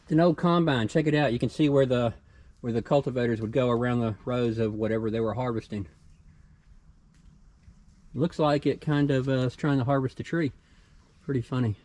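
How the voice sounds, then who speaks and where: A man's voice: mid-range voice, steady tone, brisk, long pauses, a little mellow, low-quality recording. A middle-aged man with a Southern US accent, casually narrating a forest hike and pointing out things he finds along the trail. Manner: easygoing, enthusiastic about small finds. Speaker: hiking vlogger.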